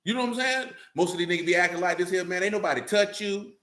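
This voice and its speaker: A man's voice: sits high, fast talker, fairly bright tone. A man talking casually and bluntly, full of profanity, who keeps asking "you know what I'm saying". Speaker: religious group speaker. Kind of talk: casual unscripted talk. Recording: roomy echo.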